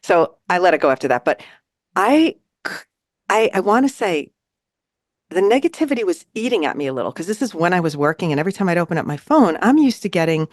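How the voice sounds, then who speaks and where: A woman co-hosting a podcast in casual chat, telling a story in an animated way and acting out what people said. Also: on the low side, quick pace, dry recording, clean studio sound. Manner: animated, acts out quoted lines. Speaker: podcast co-host. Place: New York City.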